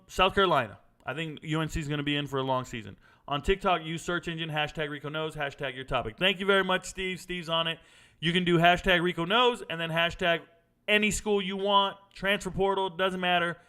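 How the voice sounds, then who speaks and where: A man's voice: a little high, pushed and bright, clear, resonant tone. A young man hosting a casual college football livestream, reading viewer comments aloud and answering them in a breezy way.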